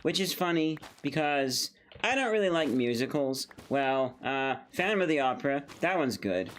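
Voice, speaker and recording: A man's voice: mid-range voice, lively intonation, normal speed, fairly bright tone. A young man giving casual, rambling commentary while playing a game, talking playfully to himself and to the game. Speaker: gaming video creator.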